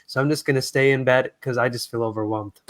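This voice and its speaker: A man's voice: medium pitch, fairly even intonation, fast talker. Earnest, reflective man as guest. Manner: earnest, reflective, soft-spoken. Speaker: guest singer. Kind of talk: casual interview.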